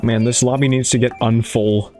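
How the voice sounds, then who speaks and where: A man in a gaming voice chat, excitable and joking with friends. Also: medium pitch, moderate pace, faint music behind.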